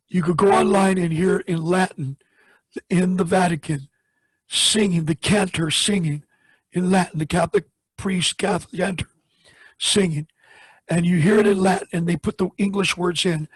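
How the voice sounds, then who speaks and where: A man preaching as he tells a testimony story, acting out each person in it with big swings of pitch. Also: breathy edge, dry recording, low-quality recording. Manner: dramatic retelling, acts out the voices in the story with big pitch swings. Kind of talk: sermon storytelling.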